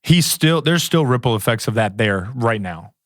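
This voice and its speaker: This thirty-something man, an ex-professional football player guesting on a podcast, spins casual stories and animatedly quotes other people in spirited asides. He speaks at a moderate pace in a mid-range voice, with studio quality and no room sound.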